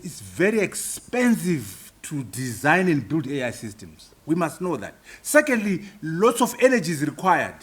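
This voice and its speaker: Emphatic male professor with a lively voice. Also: high-pitched. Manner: emphatic, rhetorical, exhorting the audience; punctuates points with tag questions and chuckles. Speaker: professor and book author answering audience questions. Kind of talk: public lecture Q&A at a book launch.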